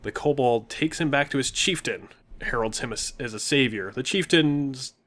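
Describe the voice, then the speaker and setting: A man's voice: mid-range voice, normal speed, a bit bright. A man co-hosting a gaming channel, casually retelling a tabletop game session and laughing often.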